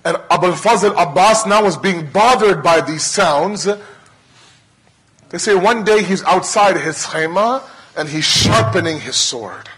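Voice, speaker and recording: A man's voice: sits high, expressive, measured pace, fairly bright tone, poor audio. A male preacher telling a religious story as a sermon, impassioned and dramatic, with much repetition.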